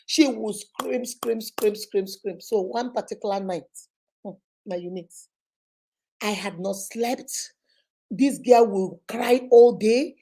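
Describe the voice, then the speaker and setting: A Nigerian woman in her forties with a Nigerian accent, hosting and telling a personal story in an animated, dramatic way with frequent laughter. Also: mid-range voice, takes it slowly. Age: 40s. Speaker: host. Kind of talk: storytelling to viewers.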